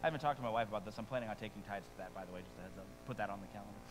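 A man preaching a sermon as pastor, conversational and animated, with quick asides and rising emphasis, speaking to a congregation in a church. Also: lowish voice, slight background noise, rough recording. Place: church sanctuary before a congregation.

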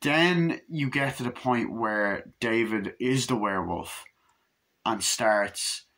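A man's voice: on the low side, slow, fairly bright tone. A young man casually reviewing a horror movie on camera, rambling and swearing, acting out scenes with screams and little voices. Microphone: camera mic.

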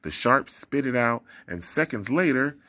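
A man narrating a children's storybook aloud with expressive, dramatic delivery. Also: mid-range voice, unhurried. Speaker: storybook reader.

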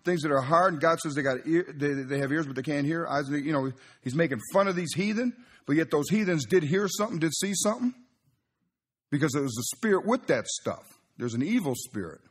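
A man's voice: a little high, animated, a little fast, breathy edge. A male pastor, preaching a sermon in a folksy, conversational way.

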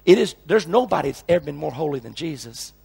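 Gravelly, raspy male preacher. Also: fairly high pitch, sing-song, fast talker, a little mellow. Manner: emphatic, repeats phrases and restarts sentences. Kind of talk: teaching sermon.

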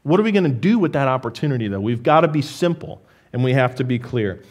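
A man's voice: medium pitch, animated, fast. A male pastor preaching a sermon to his congregation in church, talking to them earnestly and directly.

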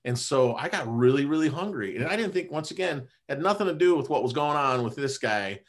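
A man, a chiropractor guest on a podcast, telling a personal story in a casual, animated way and often dropping "man" and "you know". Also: medium pitch, a little fast.

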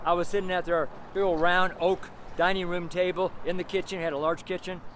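High-voiced earnest male street preacher. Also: little pitch movement, fairly quick, fairly bright tone, slight background noise. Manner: earnest, rambling, heavy on "you know" fillers and repetition. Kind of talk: personal testimony sermon. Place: outdoors near street traffic.

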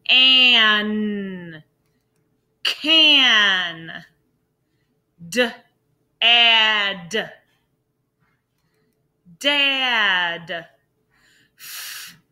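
Slow, bright-voiced woman teacher. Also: on the high side. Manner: slow, drawn-out sounding out of words; encouraging, praising. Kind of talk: phonics lesson for young children.

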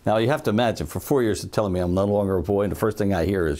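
An older man telling lively anecdotes in an oral-history interview, acting out the people he quotes. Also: low-pitched, rapid-fire, hardly any pauses, a little hiss or hum. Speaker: interviewee, former TV newsman.

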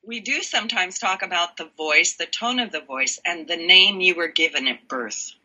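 A woman's voice: lowish voice, moderate pace, pushed and bright, rough recording. A woman talking as an interview guest, explaining her voice workshops in a reflective way with frequent fillers. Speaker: guest, voice and energy workshop leader. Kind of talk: casual interview chat.

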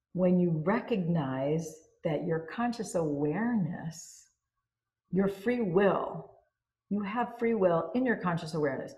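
Lowish-voiced woman doing self-help talk, slow and deliberate, echoey room. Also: darkish tone. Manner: slow, deliberate, lists words one by one. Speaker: self-help channel host. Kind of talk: spoken reflection on a self-help book.

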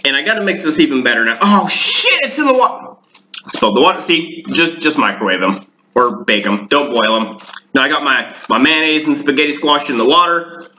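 A man hosting a casual home cooking vlog, rambling and deadpan with dark jokes, talking in his kitchen. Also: medium pitch, fairly quick. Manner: deadpan, darkly joking, rambling. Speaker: home cooking show host. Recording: echoey room, dull lo-fi sound.

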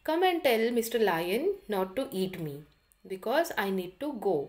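A woman's voice: on the high side, big pitch swings, moderate pace. A woman voicing a frightened man in a storybook read-aloud, speaking in a pleading, anxious way.

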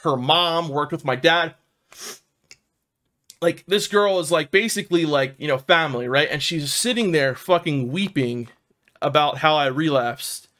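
A man's voice: a little high, unhurried, sharp tone. Profane rambling Philly guy. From South Philadelphia, USA. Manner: rambling and profane, fills with "man" and "dude". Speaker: vlogger telling his own recovery story. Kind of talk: casual personal storytelling.

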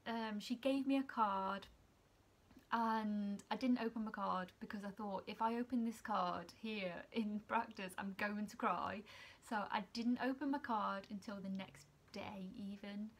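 A young woman, a student nurse chatting casually to her vlog camera, emotional and quick to laugh. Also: medium pitch. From England. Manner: emotional, chatty, laughs often, near tears.

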